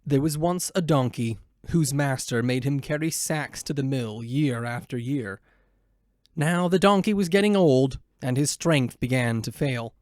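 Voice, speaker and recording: A man reading a children's storybook aloud in a gentle, measured way. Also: medium pitch, dry recording, studio quality. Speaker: narrator.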